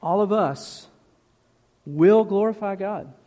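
A man preaching a sermon as pastor, slow and emphatic, leaning on repeated phrases. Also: high voice, mellow. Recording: long reverb of a large hall.

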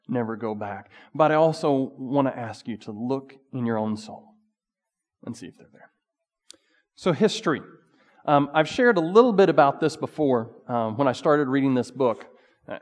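Male pastor, mid-pitched, casual conversational sermon delivery with emphatic peaks, recorded in a reverberant hall. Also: darkish tone.

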